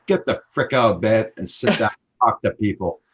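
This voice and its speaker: A man hosting a casual live-stream chat, blunt and quick to laugh. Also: fairly low pitch, a bit bright, husky.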